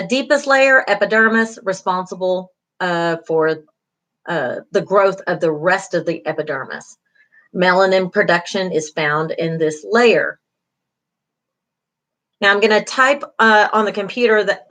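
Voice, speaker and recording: A woman's voice: on the low side, normal speed, fairly bright tone. A middle-aged woman, a beauty school instructor giving an online class lecture, encouraging, with many fillers, repeating key terms.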